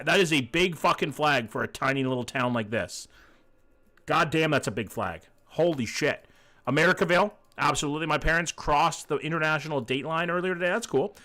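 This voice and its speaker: His voice is fairly high, pushed, and bright as he streams a geography game. The man keeps up casual live-stream chat, reads messages from chat aloud, swears freely, and sounds a bit sick.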